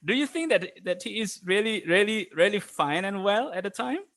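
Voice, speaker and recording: Halting male teacher. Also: sits high, expressive, fairly bright tone. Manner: halting, many fillers and restarts, chuckles often. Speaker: English teacher. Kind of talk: online class lecture.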